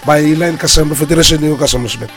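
A man with a cold, hoarse and halting, giving updates on a radio chat. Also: on the high side, a bit bright, soft background music. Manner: halting, many fillers.

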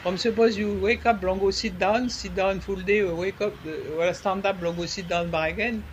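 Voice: medium pitch, fairly even intonation, moderate pace. Ni-Vanuatu nurse, casual health tips, French words mixed in, faint background noise, talk-show guest.

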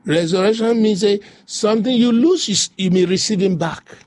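A man's voice: high voice, moderate pace, darkish tone, dry recording. A man preaching a devotional sermon, repeating phrases in a rhythmic, rising way. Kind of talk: devotional sermon in pidgin English.

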